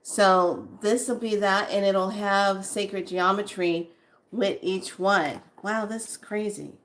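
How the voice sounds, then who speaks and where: A woman hosting a spiritual vlog, reading names aloud slowly with breathy exclamations and sudden whoops while she says she is overheated and sweating. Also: medium pitch, fairly even intonation, fairly bright tone. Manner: slow, breathy exclamations, bursts of whooping and laughter. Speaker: spiritual vlogger.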